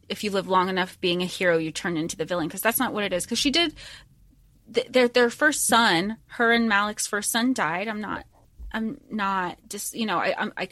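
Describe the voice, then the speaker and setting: A woman co-hosting a book podcast in casual chat, talking in halting bursts with frequent restarts and easy laughter. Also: mid-range voice, fairly bright tone, no room sound. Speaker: podcast co-host.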